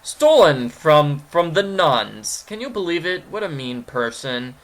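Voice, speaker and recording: A man's voice: a little high, very animated, unhurried, fairly bright tone. A man giving gameplay commentary, rambling and cracking goofy jokes. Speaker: let's player.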